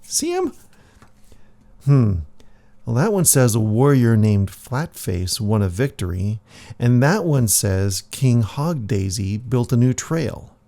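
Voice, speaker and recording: Man voicing a calm musing priest. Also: medium pitch, slow pace.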